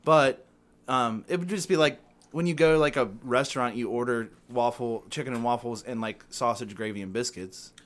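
A man co-hosting a casual podcast chat, quick to argue and swearing freely. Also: mid-range voice. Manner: quick, swears a lot, argumentative. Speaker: podcast co-host.

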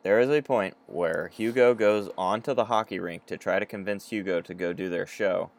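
A man's voice: low voice, normal speed. A man in his thirties chatting casually as a podcast co-host, sarcastic and profane, acting out characters as he talks. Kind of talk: casual chat.

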